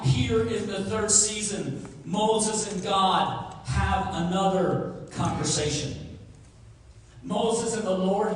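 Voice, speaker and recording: High-voiced pastor preaching in an echoey hall. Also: male voice, recorded from a distance, slight background noise. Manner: animated retelling with acted scripture dialogue. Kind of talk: sermon. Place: church sanctuary. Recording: echoey hall recorded from afar.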